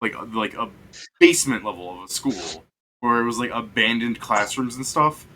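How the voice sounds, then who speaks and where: A man's voice: medium pitch, expressive, normal speed, a bit bright, a little hiss or hum. A young man, the game master, telling a long rambling story in casual chat, swearing often and laughing.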